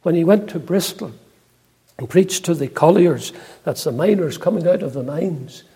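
An older man preaching a sermon in a church, earnest and unhurried, with frequent hesitant pauses. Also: on the high side, lively intonation, mellow, husky. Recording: long reverb in a large hall.

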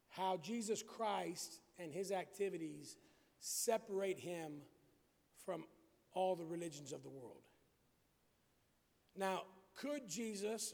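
Pastor, male, high gravelly voice, reads verses slow and emphatic, asides soft, church reverb. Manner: reads scripture slowly and emphatically, then drops to quiet asides. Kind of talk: expository Bible sermon. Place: church building.

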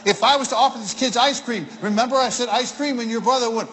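A man preaching a folksy sermon to children and families, playful and animated, slowing down for emphasis. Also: extremely high pitch, low-quality recording.

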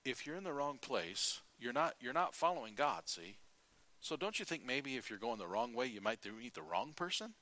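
Bright-voiced man preaching a folksy sermon. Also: mid-range voice, sing-song, moderate pace, no echo. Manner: folksy storytelling, acting out quotes; clears throat often.

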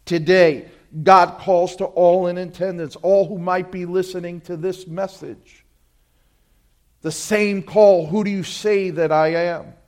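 Guy preaching a sermon, high voice, big swings loud to soft, pushing listeners hard. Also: steady tone, a little slow. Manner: emphatic preaching with dramatic swings in loudness; direct, urgent appeals to the listener. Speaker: pastor.

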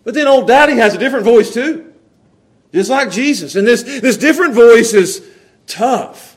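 A man's voice: very high voice, animated, normal speed. A man preaching a sermon in a church, earnest, often repeating and restarting words. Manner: earnest, builds from quiet prayer to emphatic preaching. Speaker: pastor. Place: church sanctuary.

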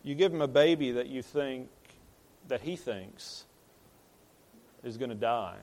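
This is a man at a medium pitch giving a conversational sermon as pastor. His delivery is plain-spoken, and he often repeats or restarts words as he builds toward a point. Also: animated, unhurried, darkish tone.

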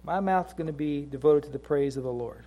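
A middle-aged man preaching a sermon to a congregation, mixing chatty family stories with slow, emphatic repeated lines from scripture. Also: a little high, mellow. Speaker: pastor.

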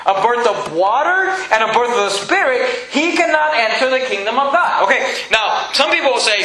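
Bright high-voiced preacher in echoey church. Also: male voice, animated, moderate pace, few pauses. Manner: preaching with emphatic, repetitive questions to the congregation. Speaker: pastor. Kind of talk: sermon.

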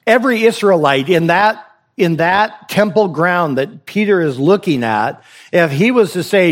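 This pastor preaches to his congregation in a fairly high, expressive voice at normal speed. He exhorts them, pressing his point with rhetorical questions and repeated phrases for emphasis.

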